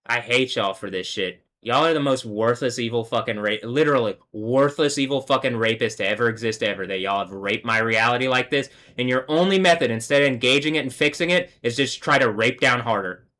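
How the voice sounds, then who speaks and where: A man's voice: mid-range voice, brisk, few pauses, bright, forceful tone. A man hosting a livestream, delivering a heated, profane, repetitive tirade. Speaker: livestream host. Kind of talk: angry livestream rant.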